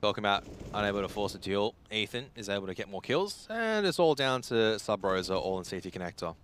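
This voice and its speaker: A man doing play-by-play esports commentary, excitable and teasing, his voice leaping up on big plays. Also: lowish voice, fairly quick, slight background noise.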